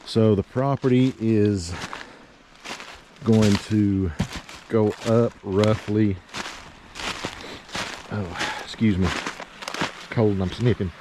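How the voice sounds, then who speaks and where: A man's voice: fairly low pitch, fairly even intonation, slow, long pauses, background noise. Breathless man touring riverside land. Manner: rambling, with many fillers. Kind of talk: casual walking property tour. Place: outdoors by a river and hillside.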